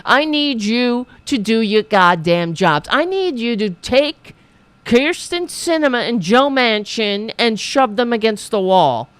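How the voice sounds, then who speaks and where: Woman, political host, sarcastic profane rant, very lively pitch, dry close sound. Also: slow pace, smooth, no room sound. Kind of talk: angry political rant reading chat.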